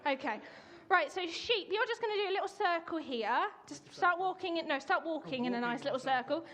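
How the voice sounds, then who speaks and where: A woman's voice: very high-pitched, lively intonation, a little fast, a bit bright. A woman giving a chatty, upbeat sermon in a church, directing volunteers at the front. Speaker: church speaker. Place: church hall.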